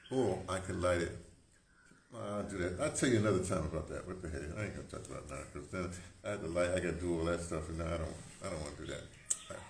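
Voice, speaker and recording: A man's voice: deep voice, reverberant, slight background noise. A man hosting his own video, rambling off-script and cutting himself off as he jokes and wanders between thoughts. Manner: digressive, restarts often, jokes with himself. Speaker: video host, former radio broadcaster. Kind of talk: rambling casual monologue to camera. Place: indoor room with incense burning. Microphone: camera mic.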